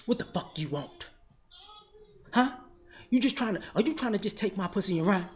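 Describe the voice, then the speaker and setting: A man's voice: high voice, lively intonation, moderate pace, muffled recording. A man voicing a hostile young woman who snaps at someone approaching her. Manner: confrontational, snapping.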